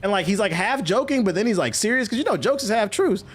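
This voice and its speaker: A man's voice: sits high, expressive, quick pace, fairly bright tone, husky. Joking, profane male streamer. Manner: joking, profane, rambling riffs. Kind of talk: casual chat while gaming.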